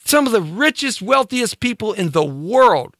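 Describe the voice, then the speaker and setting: A man hosting a live talk show pushes through an emphatic monologue, firing off rhetorical questions and repeating them. His voice sits high and swings widely in pitch, with a bright, forceful edge. The recording is dry and close. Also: sing-song, normal speed, no room sound. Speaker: show host. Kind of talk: opinion monologue.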